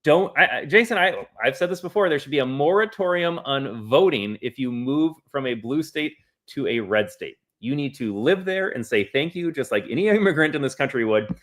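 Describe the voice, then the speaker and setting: A man's voice: fairly high pitch, expressive, normal speed, hardly any pauses, fairly bright tone. A male host of a live-streamed political show who talks bluntly and emphatically, often stumbling over a repeated "I". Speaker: podcast host.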